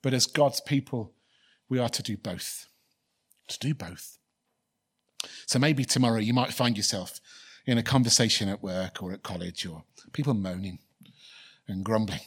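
A man's voice: fairly low pitch, normal speed, long pauses, husky. A man preaching a sermon in an earnest, repetitive way, building to pleading questions and ending in prayer.

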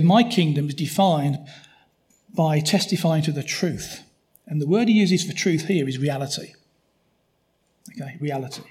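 Chatty preacher, fairly high voice. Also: male voice. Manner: conversational, frequent tag questions. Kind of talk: sermon.

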